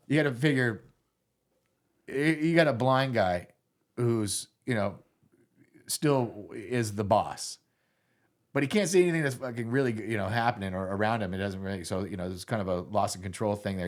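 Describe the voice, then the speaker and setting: Rambling storyteller man, full of asides. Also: lowish voice. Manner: rambling, animated, lots of "you know", swears, laughs. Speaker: guitar tech, guest telling stories. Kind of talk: casual storytelling interview.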